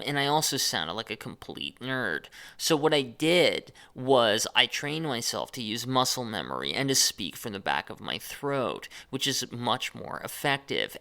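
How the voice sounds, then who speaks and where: A man's voice: medium pitch, gravelly, bright, forceful tone. Man talking in chopped, over-stressed phrases. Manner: chopped, overly emphasized phrasing; unedited, speaks off the cuff. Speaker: channel host. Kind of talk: deliberate monologue to camera.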